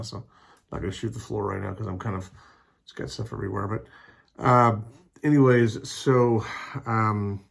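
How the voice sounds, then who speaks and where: A man's voice: on the low side, fairly even intonation, brisk, creaky, slightly rough. A man talking casually in a personal vlog at home, rambling and hesitant, with many fillers and restarts. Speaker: vlogger.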